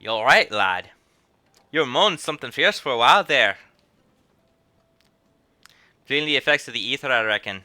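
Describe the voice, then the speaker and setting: Folksy old peddler, game cutscene, bright voice, older man. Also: fairly high pitch, sing-song, fast talker, clean tone, no room sound, exaggerated voice. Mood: concerned. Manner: folksy, drawling storyteller. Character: chatty old male peddler, folksy and wary.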